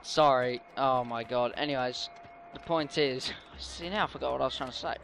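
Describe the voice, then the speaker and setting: A man's voice: medium pitch, normal speed, creaky, a bit bright, a little hiss or hum. A man giving casual, rambling commentary while playing a video game. He often gets tongue-tied and swears offhandedly. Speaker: let's play gamer.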